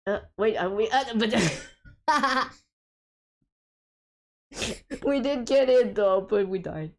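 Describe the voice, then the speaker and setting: Woman, gaming streamer, casual chatter, giggly, hesitant, unhurried delivery, gravelly fry. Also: a little high. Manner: giggly, hesitant, many fillers and laughs. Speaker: streamer playing a co-op game with friends.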